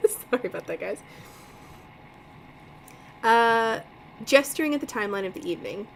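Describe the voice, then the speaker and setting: A chatty woman reads a mystery novel aloud on a livestream, breaking off for casual asides. Her tone is relaxed and self-mocking, with faint noise behind her. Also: on the high side, normal speed, creaky, low-quality recording. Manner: chatty, laughs at herself. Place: home, livestream.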